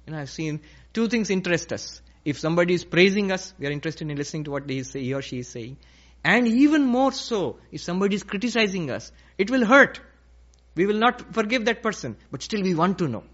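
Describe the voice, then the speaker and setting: A man giving a slow, emphatic spiritual lecture, repeating key phrases as he teaches. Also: high-pitched, sing-song, a bit bright. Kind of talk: philosophical lecture. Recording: dull lo-fi recording.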